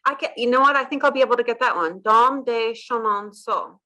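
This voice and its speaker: A woman's voice: high voice, expressive, very fast, sharp tone. A woman hosting a casual interview chat, upbeat, repeating words back and laughing at her own slips. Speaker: host.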